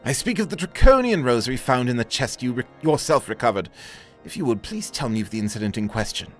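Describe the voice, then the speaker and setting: A man's voice: medium pitch, big pitch swings, quick pace, soft background music, lightly acted. A man reading as a composed noble ally. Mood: measured.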